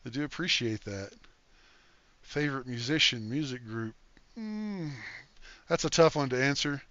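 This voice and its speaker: A man's voice: medium pitch, expressive, unhurried, a bit bright, no room sound, dull audio. An older man hosting a casual game livestream, reading chat aloud in an easygoing, folksy way and thanking viewers.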